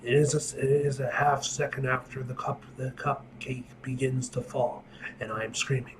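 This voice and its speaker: A man reading aloud the lines of a cosmic woman reciting a vision, in a low, flat voice that stumbles over names. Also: normal speed, slight background noise, natural voice, rough recording. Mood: solemn.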